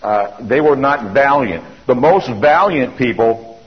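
A man lectures in a loose, storytelling way, often circling back and restarting his sentences. His voice sits at a middle pitch. The recording is slightly muffled and lo-fi. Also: animated, unhurried. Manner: conversational storytelling with frequent restarts. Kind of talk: anecdotal lecture. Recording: dull lo-fi recording.

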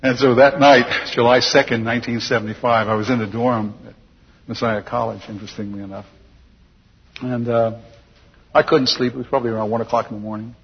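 An older man telling his personal testimony to an audience as a chuckling, lively storyteller. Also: medium pitch, a little fast, slightly rough. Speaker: speaker giving a personal testimony. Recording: dull lo-fi recording with long hall reverb.

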